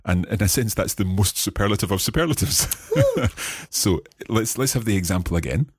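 Male language tutor, deep husky voice, dry close mic, patient explainer. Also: huge pitch swings, no echo. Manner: explains slowly, repeats phrases, chuckles often. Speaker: co-host of a French learning podcast. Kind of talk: relaxed teaching chat.

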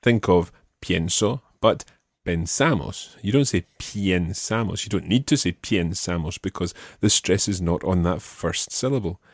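Low voiced guy teaching spanish verbs, patient and methodical, dry close sound. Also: normal speed, hardly any pauses, slightly rough, no echo. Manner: patient, explains step by step and prompts the learner. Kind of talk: spoken language lesson.

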